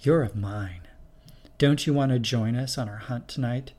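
A man voicing the calm, otherworldly lady. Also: mid-range voice, moderate pace, close to an everyday voice. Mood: coaxing. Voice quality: calm, matter-of-fact. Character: mysterious tall woman, otherworldly and calm.

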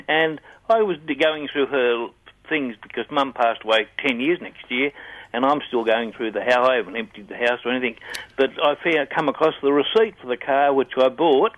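A man's voice: medium pitch, moderate pace, fairly bright tone, dull audio. A man calling a radio show, reminiscing in a chatty, rambling way. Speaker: caller.

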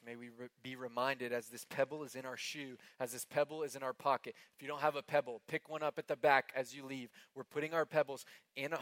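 A man preaching a sermon as pastor, earnest and emphatic, repeating phrases and moving between hushed and impassioned delivery. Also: mid-range voice, no echo.

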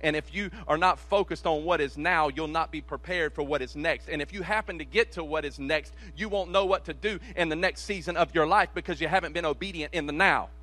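Bright-voiced preaching man. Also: a little high. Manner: swings from shouted calls to hushed, rapid asides; preacher's repetitive, rhythmic cadence. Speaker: pastor. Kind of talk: sermon. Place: church service.

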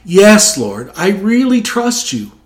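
A priest telling a joke, voicing a panicked man dangling from a cliff who yells and pleads for help. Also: mid-range voice, expressive, unhurried. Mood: frantic. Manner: yelling, frantic pleading.

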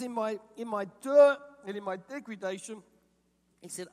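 A man from England preaching a sermon, animated and quoting imagined voices as he speaks. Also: extremely high pitch, in a large hall. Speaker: pastor.

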